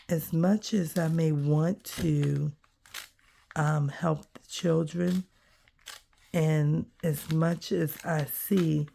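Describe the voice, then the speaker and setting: Brief: woman vlogger, slow and gravelly, soft and reflective, low-pitched. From United States. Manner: soft-spoken, musing, trails off with ums. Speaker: crafting vlogger. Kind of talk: reflective casual vlog while gluing paper.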